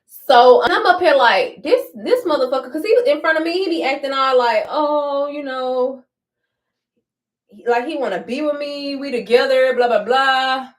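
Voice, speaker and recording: Young woman talking her business while doing her hair, higher voice, cussing and animated. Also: normal speed. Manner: blunt, profane, animated storytelling. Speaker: vlogger.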